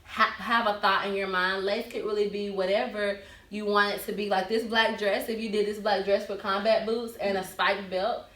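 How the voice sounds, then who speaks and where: A woman's voice: medium pitch, level tone, moderate pace, a bit bright. A woman co-hosting a talk show, chatting through a fashion segment in an upbeat, advice-giving way. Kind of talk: casual fashion-segment chat. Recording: roomy, mic at a distance.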